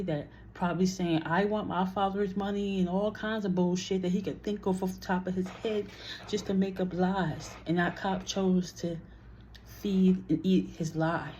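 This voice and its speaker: A woman's voice: mid-range voice, mellow, lo-fi sound, slight background noise. A woman telling a personal story in a casual vlog, blunt and heated, swearing freely and acting out what others said.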